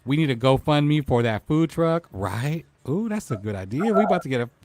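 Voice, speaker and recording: A man's voice: a little high, big pitch swings, brisk, darkish tone, dry recording. Upbeat male livestream host, dry sound. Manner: upbeat, greets viewers by name. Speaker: talk show host. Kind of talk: casual livestream chat.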